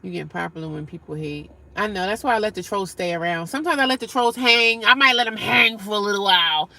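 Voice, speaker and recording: A woman livestreaming, reading and answering chat comments in a blunt, profane, animated way and laughing often. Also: mid-range voice, fast talker.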